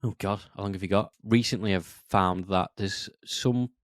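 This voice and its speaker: A man co-hosting a podcast in casual chat, animated and acting out quoted remarks in a raised voice. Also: sits low, normal speed, dry recording, studio quality. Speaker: podcast co-host.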